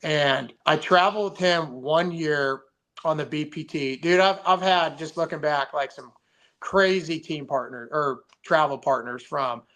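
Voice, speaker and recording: A man's voice: on the high side, a little slow, a bit bright. A man chatting casually on a fishing podcast, laid-back and slangy. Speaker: pro angler guest.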